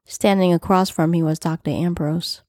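A woman narrating her own story for a podcast, measured and even in first person. Her voice is mellow and dark, slightly low. The sound is dry and close. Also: no echo.

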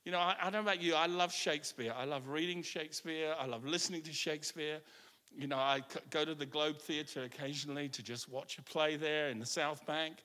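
Bright-voiced man preaching in an echoey hall. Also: on the high side. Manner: impassioned, repeats words when starting lines. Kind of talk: sermon.

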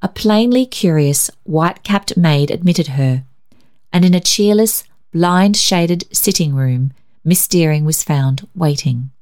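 A woman narrating a classic short story in a calm, measured storytelling manner. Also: deep voice.

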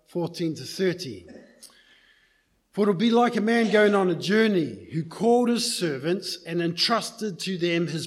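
A man preaching a sermon, telling a story in a loose, conversational way before praying and reading scripture. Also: high voice.

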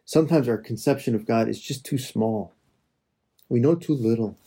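A man leading a slow, reflective spoken prayer meditation, addressing God and his listeners with soft pauses. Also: mid-range voice, breathy edge.

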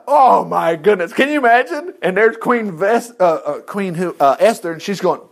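Brief: animated Bible teacher, high-pitched man with a lively, swooping voice. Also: normal speed. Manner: animated, chuckling, chatty asides.

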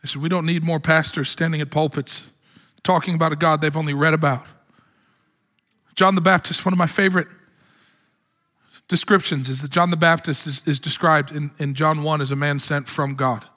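Pastor guy preaching hard, bright high voice, big hall echo. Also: steady tone, normal speed, long pauses. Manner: impassioned preaching, rising to exclamations. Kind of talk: sermon. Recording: long hall reverb.

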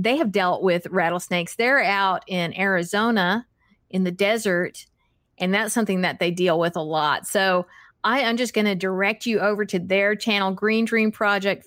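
Her voice mid-range and a bit bright, a woman hosts a live stream and answers chat questions casually, laughing a lot and restarting her sentences. She's chatty, giggly, self-deprecating, and full of fillers, with clean studio sound and no echo.

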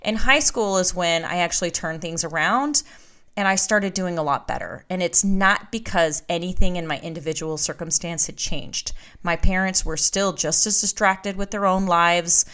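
A woman's voice: on the low side, fairly bright tone. A woman hosting her own podcast, talking candidly and emphatically in a motivational monologue. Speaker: podcast host. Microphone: podcast microphone.

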